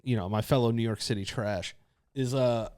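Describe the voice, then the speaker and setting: Podcast co-host, man, middle pitch, relaxed and agreeable delivery. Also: clean tone. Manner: easygoing, measured, agreeable. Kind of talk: casual chat.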